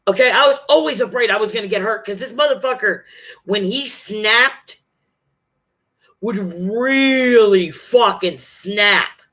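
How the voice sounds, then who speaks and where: Vlogger, bright forceful voice, profane, emphatic storytelling, acts out quotes. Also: medium pitch. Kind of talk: casual storytelling monologue.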